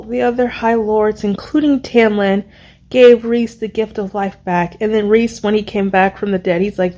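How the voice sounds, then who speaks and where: A young woman vlogging about a book she just read, rambling and excitable, stopping to search for words. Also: mid-range voice, unhurried. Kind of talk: casual reading vlog recap.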